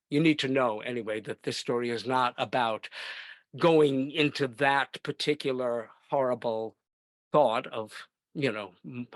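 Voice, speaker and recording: A man's voice: fairly high pitch, no room sound. A man in his seventies from Brooklyn, telling a personal story with wry comic asides and dry punchlines. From Brooklyn, New York. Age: 70s.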